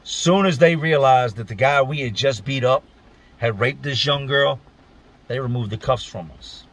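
A man's voice: mid-range voice, normal speed. A man from Virginia telling a personal story on his vlog in a blunt, emphatic, profane way.

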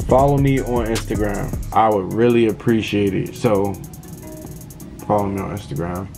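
A man's voice: on the low side, normal speed, gravelly, music in the background. A man hosting a reaction video, talking casually in a laid-back, joking way. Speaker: reaction channel host.

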